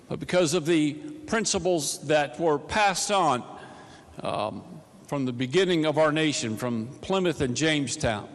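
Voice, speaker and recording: A man's voice: a little high, animated, unhurried. A man giving an emphatic, fervent floor speech as a state senator. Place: legislative chamber. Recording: echoey legislative chamber.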